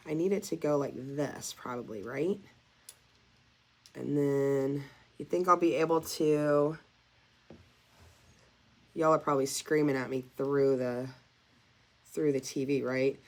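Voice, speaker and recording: Her voice sits low as this craft vlogger narrates a DIY project, chatting casually and poking fun at herself. She thinks aloud while working and sniffles a bit now and then.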